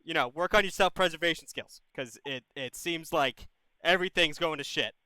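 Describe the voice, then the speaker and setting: A man's voice: fairly high pitch, moderate pace, pushed and bright, clean tone, no echo. A man hosting a call-in advice show, talking bluntly and casually with heavy swearing. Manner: profane, blunt, bro-ish. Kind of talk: casual advice chat with callers.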